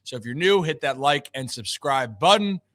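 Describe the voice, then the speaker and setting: A man's voice: a little high, expressive, normal speed, a bit bright, no echo, studio quality. A man hosting a live sports talk show, opening in an upbeat, conversational way and talking straight to the viewers.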